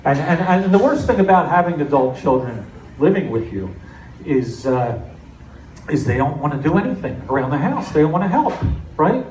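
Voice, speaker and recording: Middle-aged comedian with a raised voice. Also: male voice, on the high side, moderate pace, far from the mic. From New Jersey. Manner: deadpan self-mocking storytelling. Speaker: stand-up comedian. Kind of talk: stand-up comedy set. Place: comedy club stage. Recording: echoey club with audience noise. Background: audience laughter.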